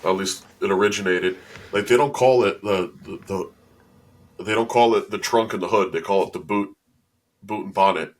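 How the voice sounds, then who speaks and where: Chatty man with a low voice. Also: moderate pace. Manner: chatty, hedging with lots of "like" and restarts. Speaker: podcast co-host. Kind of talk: casual sports chat.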